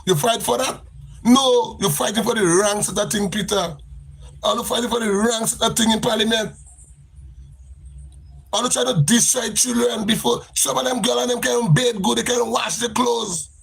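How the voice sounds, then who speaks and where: A man's voice: extremely high pitch, steady tone, moderate pace, gravelly, fairly bright tone, breathy edge. A man with a Grenadian accent ranting on a live stream, fiery and accusatory, repeating his phrases for emphasis.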